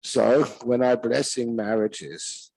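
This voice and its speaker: Slow and gravelly, a mid-range voice belongs to an elderly British-accented monk giving an easygoing Dharma talk. He tells humorous stories and laughs at his own punchlines; the audio is low quality, with no room sound.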